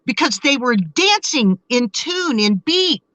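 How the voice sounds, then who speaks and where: A woman guest tells her story in a casual interview, excitable and animated, stumbling and restarting as she goes. Her voice sits a little high. The sound is close and dry. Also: takes it slowly, no echo, poor audio.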